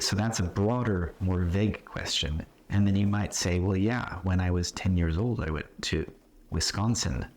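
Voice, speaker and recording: In a classroom or retreat room, a low-voiced man teaches an English class in a relaxed, conversational style. He explains patiently using example questions and checks in with the students often.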